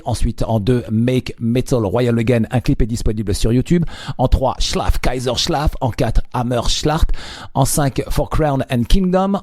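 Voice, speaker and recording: A male radio host with a French accent who hesitates and fills pauses, translating a live interview into French. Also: medium pitch, darkish tone, no room sound, studio quality. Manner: hesitant, many fillers, switches between French and English.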